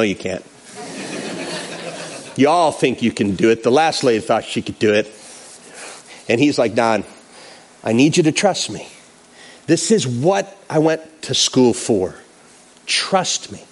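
A pastor telling a personal story in a sermon, acting out the quotes in an animated way. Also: male voice, medium pitch, measured pace, pauses often, slight background noise.

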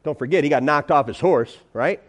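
A man's voice: fairly high pitch, brisk. A man preaching a sermon as pastor in a church, emphatic, repeating phrases and calling out to the congregation.

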